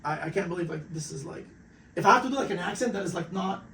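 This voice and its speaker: A man's voice: sits high, expressive, fast talker, fairly bright tone, recorded from a distance, a little hiss or hum. A young man hosting a podcast, laid-back and slangy, swearing now and then in casual chat. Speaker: podcast host. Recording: roomy sound from off mic with faint ambience.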